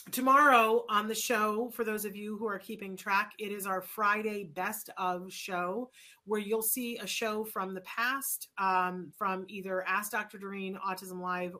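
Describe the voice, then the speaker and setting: A woman's voice: mid-range voice, bright, forceful tone. A woman hosting a talk show, chatting in a rambling, opinionated way with many restarts. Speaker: show host. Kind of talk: casual chat.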